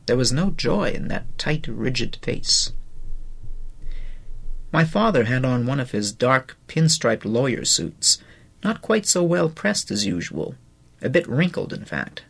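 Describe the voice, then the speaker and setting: A man narrating a novel as an audiobook in an expressive, measured storytelling manner. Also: medium pitch, creaky, husky.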